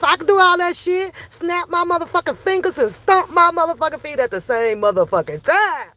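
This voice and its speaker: A woman's voice: very high voice, lively intonation, fairly quick, few pauses, sharp tone, no echo. A middle-aged woman giving a heated, sarcastic opinion rant, full of profanity and repeated rhetorical questions. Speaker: commentary vlogger.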